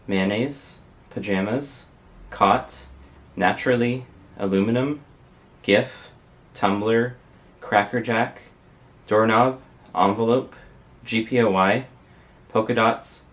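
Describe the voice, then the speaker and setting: A young man from Windsor, Ontario with a Canadian accent, casually working through an accent challenge and pausing often on "uh.". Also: on the low side. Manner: hesitant, frequent uh fillers, soft-spoken. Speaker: vlogger.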